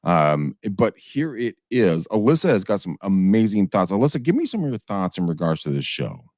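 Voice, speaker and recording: A man's voice: on the low side, big pitch swings, moderate pace, darkish tone, no room sound, clean studio sound. A man hosting a show, introducing his guest and co-host in an effusive, hyping way. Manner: hyping and effusive, with upbeat hollers.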